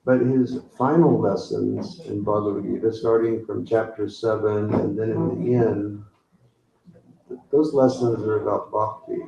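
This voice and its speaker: Slow-speaking man preaching in a roomy hall. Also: lowish voice, fairly even intonation, vocal fry, warm tone. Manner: slow, unhurried teaching with audience questions. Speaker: swami giving a spiritual talk. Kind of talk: sermon. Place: temple hall with audience. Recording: roomy, distant, dull hall recording.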